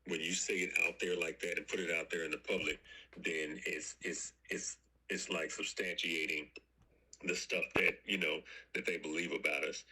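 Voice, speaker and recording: Caller, man, earnest explainer, deep husky voice. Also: flat delivery, moderate pace, bright, forceful tone, poor audio. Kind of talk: casual call-in discussion.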